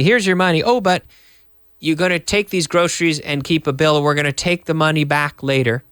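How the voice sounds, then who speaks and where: A middle-aged man teaching a live online English lesson, lively and repeating words over and over to drill pronunciation. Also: mid-range voice, dry recording, clean studio sound.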